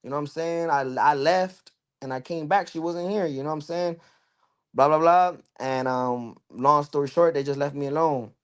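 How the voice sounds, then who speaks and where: A man's voice: on the high side, normal speed, smooth. A young man, a podcast guest telling his own story in a loose, candid way, full of "you know" and "bro". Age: young adult. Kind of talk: casual storytelling in a podcast interview.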